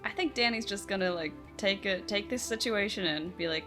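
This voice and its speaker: A woman's voice: medium pitch, a little fast, hardly any pauses, sharp tone, soft background music. A woman talking playfully as a player at a tabletop game. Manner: playful, laughing. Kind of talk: casual chat at a game table.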